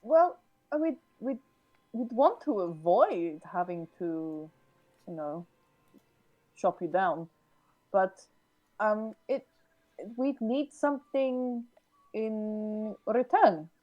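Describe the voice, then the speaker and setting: A woman's voice: medium pitch, lively intonation, slow pace, pauses often, lo-fi sound. A woman playing a tabletop game, speaking hesitantly and with amusement. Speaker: player. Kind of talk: tabletop role-play chat.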